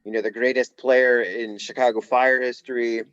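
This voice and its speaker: A man co-hosting a casual podcast, telling stories in an animated way and acting out quotes. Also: mid-range voice, moderate pace, no room sound, lo-fi sound. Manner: animated storyteller, acts out quotes. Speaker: podcast co-host.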